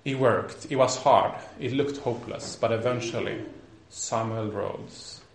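A man preacher telling a story in a sermon, with a lively, animated delivery and frequent restarts. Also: medium pitch, normal speed, slight background noise. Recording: roomy echo.

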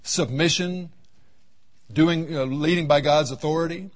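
A man preaching a seminar sermon, telling folksy stories from his marriage and acting out the voices in them, with a husky voice. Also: on the high side, fairly even intonation, unhurried. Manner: folksy storytelling, voices the Lord and his wife. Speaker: seminar speaker. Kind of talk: sermon with acted anecdotes.

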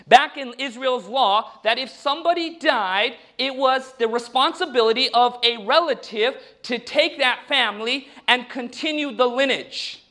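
A man's voice: extremely high pitch, moderate pace, hardly any pauses. A man preaching a sermon, telling stories animatedly and acting out what people said. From United States. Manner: animated storytelling, acting out quoted speech.

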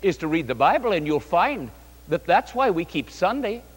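A man's voice: high-pitched, sing-song, moderate pace, breathy edge, in a large hall, full character voice. A man voicing a stubborn elderly grandmother who is set in her ways, quoted in a sermon with a firm, dismissive manner. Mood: insistent.

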